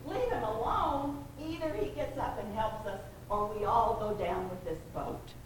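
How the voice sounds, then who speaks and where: A woman playing a panicked male disciple yelling over a storm, in a distant, echoey hall with a rumble behind. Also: unhurried, close to an everyday voice. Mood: panicked shouting.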